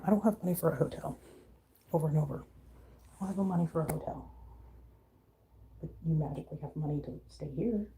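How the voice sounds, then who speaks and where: A woman's voice: low-pitched, gravelly, warm tone, slight background noise, rough recording. A young woman venting on a casual vlog, frustrated and swearing freely as she mimics her roommate. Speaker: vlogger. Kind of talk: venting to camera.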